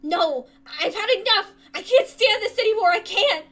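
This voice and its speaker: A woman's voice: very high voice, lively intonation, moderate pace, sharp tone, pitched above the performer's own voice, heavily acted. A woman voicing a grief-crazed middle-aged mother in a game, screaming and unhinged. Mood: anguished.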